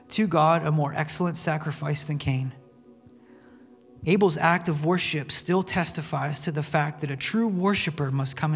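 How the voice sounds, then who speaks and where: A male pastor preaching a sermon, telling stories in a casual, earnest way with fillers like "man". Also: a little high. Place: church sanctuary. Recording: long reverb with faint music in a church.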